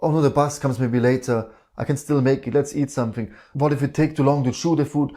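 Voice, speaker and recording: Man doing a hurried inner voice, fretful self-talk, mellow tone. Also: medium pitch, fairly even intonation, natural voice. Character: frantic inner voice of a rushed man.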